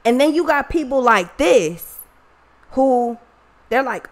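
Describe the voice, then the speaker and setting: Woman venting to her viewers, slangy and swearing a lot, voice sits kinda high. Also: expressive, takes it slowly, pauses often. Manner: profane, emotional, slangy, talks to viewers directly. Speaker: online reader and vlogger. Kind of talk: casual personal storytelling.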